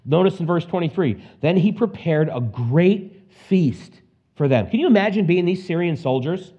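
A man preaching an expository Bible sermon, animated, acting out scenes with quick put-on voices and casual asides. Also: sits high, slightly rough. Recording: dull lo-fi recording.

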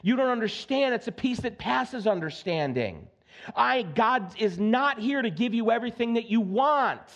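Joking, high-voiced male preacher. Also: expressive, moderate pace, fairly bright tone. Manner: conversational and joking, with frequent asides; emphatic, repeats phrases. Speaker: pastor. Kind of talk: sermon.

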